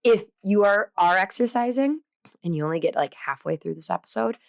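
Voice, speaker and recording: A woman's voice: mid-range voice, animated, brisk, creaky. A woman hosting a podcast in a casual monologue, chatty and playful, poking fun at herself and filling gaps with lots of "um" and "like". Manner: chatty and self-deprecating, with many fillers; bubbly, playful asides. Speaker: podcast host.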